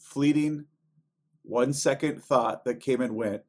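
A man's voice: medium pitch, a little slow, a little mellow. A man chatting casually as a podcast co-host, joking and teasing, often imitating voices. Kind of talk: casual chat.

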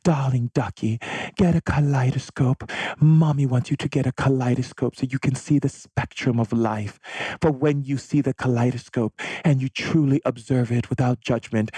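A man's voice: mid-range voice, steady tone, moderate pace, warm tone, husky, no echo, voice pushed up. A man voicing a doting, affectionate mother who talks in a sing-song, endearing way. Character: doting affectionate mother, woman, middle-aged.

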